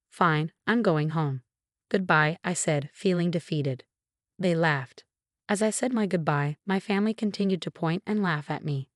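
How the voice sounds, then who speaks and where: A young woman narrating a first-person story in a measured, even storytelling manner. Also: fairly low pitch, no echo, clean studio sound.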